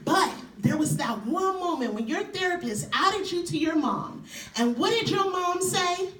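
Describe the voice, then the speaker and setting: A woman performs spoken word live, tender one moment and playful the next. Her high voice rises and falls with wide swings. She sounds far from the mic in an echoey hall. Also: moderate pace. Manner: tender, playful and animated, laughing often. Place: university event hall, before an audience.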